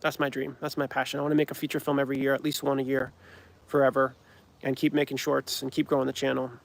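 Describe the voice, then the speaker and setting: A man's voice: mid-range voice, completely flat delivery, quick pace, creaky. A man, a comedy creator, chatting casually on a livestream, rambling with many restarts and ums. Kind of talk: livestream chat.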